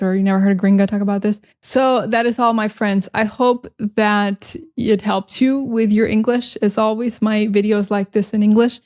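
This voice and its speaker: A woman's voice: mid-range voice, darkish tone. A young adult woman from the United States, talking casually to her viewers as an English teacher and vlogger, full of "like" and "you know". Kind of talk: casual talking-head vlog.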